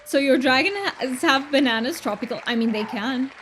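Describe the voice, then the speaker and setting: A woman's voice: sits high, brisk, a bit bright, faint music behind. A woman streaming live, chatting casually with viewers, often giggling and thanking them by name. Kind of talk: casual livestream chat.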